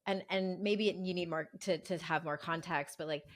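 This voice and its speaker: A woman's voice: lowish voice, steady tone, normal speed. A woman guest on a podcast who talks in a thoughtful, reflective way, often restarting and hedging as she works through ideas. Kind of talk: reflective conversation.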